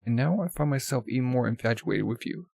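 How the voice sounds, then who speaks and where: A man reading the lines of a cold, possessive male president from a comic, in a flat read-aloud manner. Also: medium pitch, brisk, gravelly, no echo.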